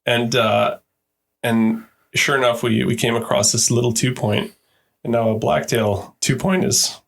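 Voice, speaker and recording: A man's voice: mid-range voice, fairly even intonation, a little slow, creaky. A middle-aged man, a podcast guest, telling stories in casual talk and often repeating his words. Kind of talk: casual storytelling.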